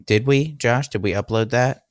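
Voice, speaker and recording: A man hosting a podcast in a relaxed, casual chat, leading segments and thanking listeners. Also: mid-range voice, normal speed, no echo, studio quality. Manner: laid-back, leads segments and thanks patrons. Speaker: podcast host.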